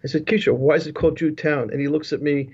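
A man's voice: a little high, steady tone, quick pace, a little mellow, husky. A man telling his life story as an interview guest over a remote video call, rambling with frequent restarts and asides. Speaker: guest, business leadership consultant. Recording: dull lo-fi call audio.

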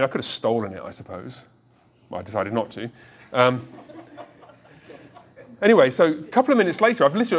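A pastor in his forties preaches with a mid-range voice. He tells his story with self-deprecating humor and often stumbles and restarts his words. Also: medium pitch. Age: 40s. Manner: halting restarts, repeats words. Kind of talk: sermon.

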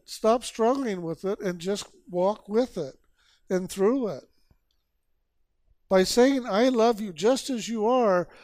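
A man with a fairly high voice delivers a spiritual sermon at a slow, deliberate pace. He urges his listeners with repeated phrases and rhetorical questions. The sound is dry and close. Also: a little mellow, no room sound. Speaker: spiritual teacher.

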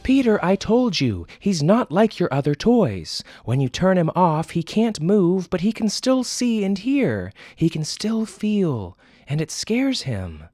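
A stern young mother scolds in a raised, emphatic voice, as a male storyteller puts her on. Her lines rise high and swing widely. The sound is dry and close, with faint music underneath. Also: big pitch swings, unhurried, few pauses, dark tone, no room sound. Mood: scolding.

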